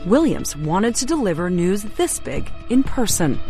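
A woman correspondent reading a scripted true-crime narration in a measured, dramatic way. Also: medium pitch, big pitch swings, dark tone. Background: music bed.

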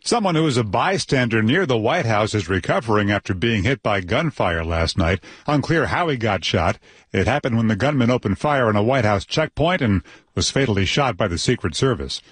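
A man anchoring a radio newscast, reading headlines with a brisk, measured delivery. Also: lowish voice, lively intonation, husky, no echo. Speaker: news anchor. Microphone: dry studio mic.

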